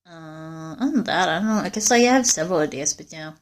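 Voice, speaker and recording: A woman livestreaming on a walk through a forest, chatting casually to viewers in a rambling, swearing way. She is cold, and her voice rises and falls in loudness as she walks. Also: sits low, lively intonation, fast talker. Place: outdoors in a forest.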